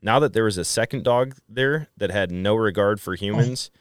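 Deep-voiced man telling a lively story. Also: moderate pace, clean tone, no room sound, studio quality. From Wisconsin. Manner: animated storyteller acting out quoted dialogue. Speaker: podcast guest. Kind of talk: casual storytelling chat.

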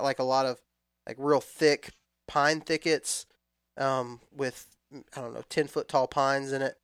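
Laid-back storytelling man, smooth voice. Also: medium pitch, fairly bright tone, dry recording, clean studio sound. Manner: laid-back, rambling storyteller with frequent restarts. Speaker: guest telling a hunting story. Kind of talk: casual storytelling chat.

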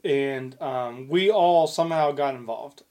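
A man's voice: medium pitch, a little slow, a little mellow. A young man co-hosting a casual podcast, telling stories in a rambling way, full of fillers, restarts and swearing. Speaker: podcast co-host. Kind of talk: casual chat.

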